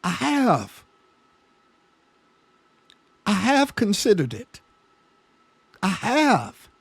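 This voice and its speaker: A man's voice: high-pitched, huge pitch swings, extremely slow, gravelly, breathy edge, no echo. A man pastor teaching a Bible study sermon, emphatic, often repeating words as his passion builds. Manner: emphatic, stammering repetitions, rising passion.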